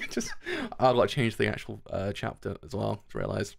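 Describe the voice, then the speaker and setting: A young man streaming a live reaction to a manga chapter, excitable, laughing often and swearing freely. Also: on the low side, normal speed, gravelly, breathy edge.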